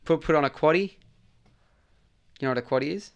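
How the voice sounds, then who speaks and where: Australian male co-host, fast-talking and gravelly, laid-back and stubborn in friendly banter. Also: a little high, highs cut off. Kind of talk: casual debate chat.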